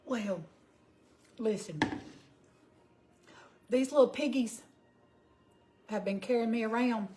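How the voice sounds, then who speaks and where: A woman's voice: on the high side, slow pace, long pauses, background noise. A woman in her fifties with a Southern US accent, chatting casually with viewers on her cooking livestream and greeting them by name. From Georgia, US. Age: 50s. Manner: chatty, reads out viewer comments.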